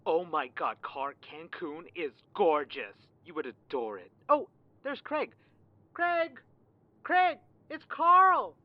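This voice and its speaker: A woman voices an excitable friend leaving a voicemail from a trip. Her lively pitch swoops up and down as she chatters. The sound is a little muffled. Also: measured pace. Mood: bubbly. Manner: bubbly, excitable.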